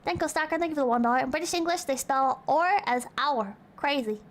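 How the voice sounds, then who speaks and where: A woman's voice: high-pitched, fast talker. A young woman streamer in casual chat, reading out donations, playful and crude and rambling.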